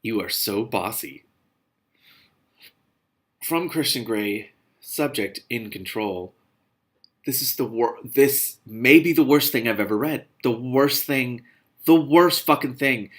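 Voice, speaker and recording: A man reading a novel aloud with comedic commentary, sarcastic and exasperated, swearing freely and muttering the narration. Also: a little slow. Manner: reads narration in a low muttering voice. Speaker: reader and commentator.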